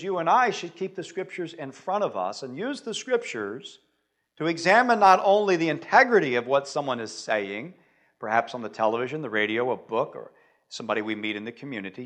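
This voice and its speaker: Pastor, male, fairly high voice, relaxed storytelling sermon with big swings in volume. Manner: conversational preaching, dynamic swings in loudness.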